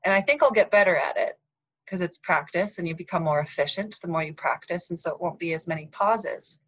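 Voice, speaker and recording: A woman hosting a podcast, telling stories in an animated, laughing way over a video call. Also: on the low side, fairly quick, no echo, lo-fi sound. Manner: animated storyteller, laughs often. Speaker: podcast host. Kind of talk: casual heartfelt conversation.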